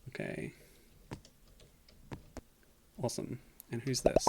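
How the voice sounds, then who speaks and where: Gravelly man chatting over gameplay. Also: mid-range voice, a little slow, heavy background noise. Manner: chatty, reads game text aloud, dry self-mocking asides. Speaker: streamer. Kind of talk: casual gameplay commentary.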